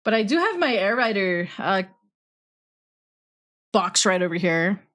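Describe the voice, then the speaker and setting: A woman's voice: mid-range voice, big pitch swings, a little slow, a bit bright. A young woman streaming, chatting casually while she builds and talking to her cat in a cutesy voice.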